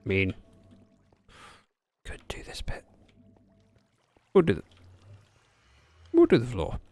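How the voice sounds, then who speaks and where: A man's voice: medium pitch, wildly swooping pitch, slow pace, darkish tone, soft background music. Streamer, male, chatty and rambling with viewers; voice swings up and down a lot. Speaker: livestreamer. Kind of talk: casual gaming livestream chat. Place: room at home by a window.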